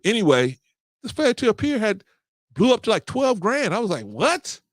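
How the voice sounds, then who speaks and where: A man's voice: sits high, a little fast, dry recording, clean studio sound. A man, in his thirties or older, hosting a casual talk and telling a story, often tagging lines with "man" and "right?". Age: 30s or older. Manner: animated, repeats "man" and "right?", quotes others. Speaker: podcast host.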